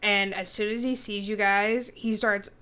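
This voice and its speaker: A woman running a tabletop fantasy game as game master, narrating in a relaxed, chatty way full of fillers. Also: mid-range voice, a little slow, clean tone.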